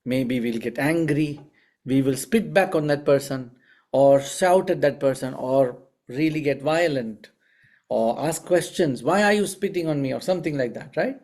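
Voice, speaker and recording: Mellow-voiced man telling a spiritual story. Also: mid-range voice, measured pace. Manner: asks the audience frequent rhetorical questions; animated storyteller. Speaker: spiritual healing teacher. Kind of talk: teaching talk with storytelling.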